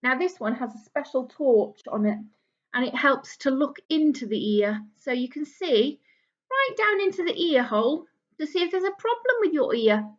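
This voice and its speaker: A woman teaching a phonics lesson to young children, speaking gently and encouragingly as she claps out syllables. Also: high voice, lively intonation, normal speed, dull audio.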